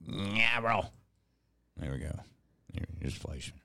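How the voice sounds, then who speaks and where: A man in casual podcast chat, his low voice gravelly and swinging widely in pitch as he swears, laughs and trips over restarts. He talks slowly, and the sound is dry and close. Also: lively intonation, bright, forceful tone, no echo. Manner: profane, laughing, stammering restarts. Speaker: podcast co-host. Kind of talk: casual chat reacting to recordings.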